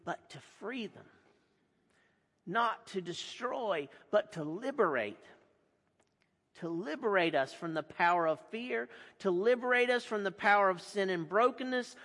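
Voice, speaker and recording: Slow high-voiced man preaching. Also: fairly bright tone. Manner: slow, deliberate and emphatic, with repetition. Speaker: pastor. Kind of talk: sermon. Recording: long hall reverb.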